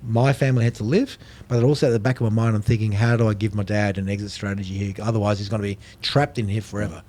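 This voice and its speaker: Animated middle-aged man telling stories. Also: on the low side, fast talker. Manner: animated storyteller, swears, acts out quoted voices. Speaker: podcast guest. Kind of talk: storytelling in casual chat.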